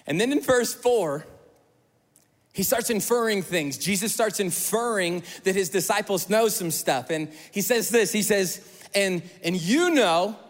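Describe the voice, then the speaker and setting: High-voiced animated preacher in a reverberant hall. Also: male voice. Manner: animated, acts out quoted voices with sudden loud bursts and hushed drops. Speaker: pastor. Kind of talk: sermon.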